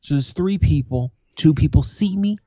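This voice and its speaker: A man's voice: a little high, expressive, normal speed, dark tone, dry recording. Blunt, profane man telling stories. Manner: blunt, profane, self-described aggressive. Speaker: podcast co-host. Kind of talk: casual storytelling chat. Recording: slightly dull, lo-fi sound.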